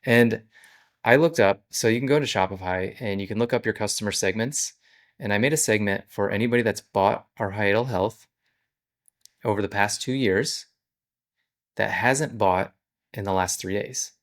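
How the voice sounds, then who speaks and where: A man with a fairly low voice talks through his business plans in a relaxed vlog. He explains each step plainly and conversationally, like an owner showing how he runs things. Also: moderate pace.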